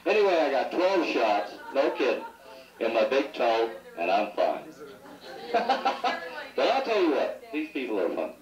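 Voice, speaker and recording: Crowd noise surrounds this middle-aged man, a son toasting at an anniversary celebration, as he tells rambling, teasing stories and chuckles at his own jokes. He speaks a little slowly at a medium pitch with a sing-song lilt. It comes from an echoey 1980s home video recorded at a distance in the party room.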